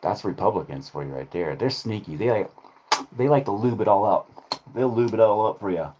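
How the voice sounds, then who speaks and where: A man's voice: lowish voice, a little fast, muffled recording, noisy background. A man ranting casually on his channel, rambling and profane. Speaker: streamer.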